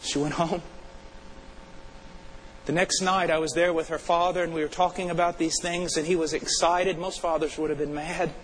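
Male preacher, high register, fervent sermon delivery swinging between urgent and hushed. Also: flat delivery, normal speed, a little hiss or hum, poor audio.

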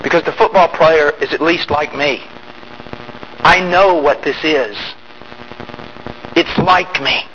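A man preaching a sermon, emphatic, swinging from loud rising outbursts to quiet low asides. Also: takes it slowly, pauses often, dull audio, a little hiss or hum.

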